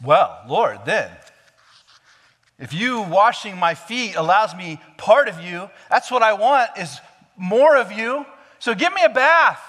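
A man acting out a blunt, impulsive disciple during a sermon, his voice raised high, loud and drawn out. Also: very animated, slow, big-room sound, heavily acted. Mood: pleading.

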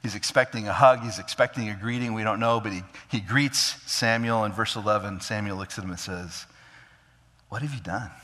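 A man preaching a sermon in an animated way, often stammering into restarts. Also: fairly low pitch, brisk, hardly any pauses, in a large hall. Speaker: pastor.

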